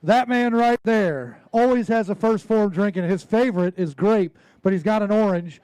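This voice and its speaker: A high-pitched man emcees a fishing weigh-in on an outdoor stage, hyping the crowd with loud call-outs and quick jokes. His voice is dry and close on a handheld mic. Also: clear, resonant tone, no room sound. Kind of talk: live tournament emcee.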